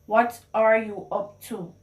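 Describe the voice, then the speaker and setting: A woman's voice: mid-range voice, steady tone, slow pace. A Jamaican woman hosting a casual language lesson, playfully repeating phrases. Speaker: video host. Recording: echoey room, mic at a distance.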